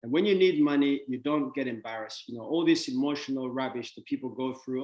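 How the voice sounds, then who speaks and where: A man's voice: mid-range voice, fairly quick, a little mellow, reverberant. A man giving a motivational talk on money, playful with wordplay and laughs, then blunt and dismissive.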